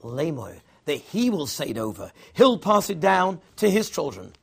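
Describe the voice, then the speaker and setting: Gravelly-voiced man giving a sermon. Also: a little high, sing-song, moderate pace. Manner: weaves Hebrew and Yiddish terms into English teaching. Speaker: rabbi giving a Torah talk.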